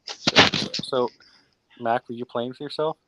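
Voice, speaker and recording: A man's voice: medium pitch, steady tone, measured pace, a little hiss or hum, rough recording. A man hosting a live stream in casual chat, teasing a guest and often repeating his words.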